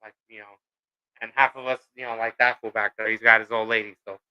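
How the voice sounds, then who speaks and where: A man's voice: lowish voice, level tone, fast, sharp tone, clear, resonant tone, dull audio. A man chatting casually on a podcast, telling rambling stories full of fillers and swearing. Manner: profane, rambling storytelling with many fillers. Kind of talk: casual chat.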